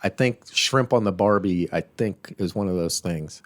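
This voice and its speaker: A man's voice: low-pitched, moderate pace. An American man co-hosting a casual podcast, who drops wry joking asides. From United States. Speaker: podcast co-host.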